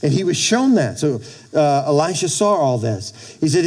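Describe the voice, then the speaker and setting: A man preaching a sermon, retelling a story in a halting way, repeating words and acting out the characters' lines. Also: fairly high pitch, expressive, warm tone, husky. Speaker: pastor.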